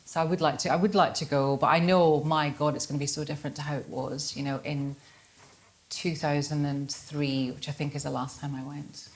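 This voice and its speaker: A woman's voice: sits low, little pitch movement, a little fast. A middle-aged Scottish woman, an author speaking at a live book festival in a chatty, self-deprecating way, laughing often. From Scotland. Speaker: author guest. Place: festival venue before an audience.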